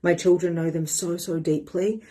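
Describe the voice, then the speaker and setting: A woman with a New Zealand accent, a spiritual mentor and coach, reflecting in an animated, casual monologue and swearing freely. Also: on the low side, normal speed.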